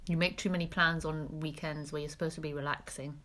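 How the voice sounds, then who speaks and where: Laid-back woman, low and bright. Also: fairly even intonation, fast. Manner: laid-back, giggly, chatty. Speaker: podcast co-host. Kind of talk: casual chat.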